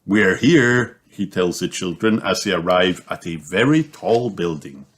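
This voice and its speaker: A man reading a children's storybook aloud in a slow, lively storytelling manner. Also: deep voice. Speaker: storybook reader. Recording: noisy home recording with clicks.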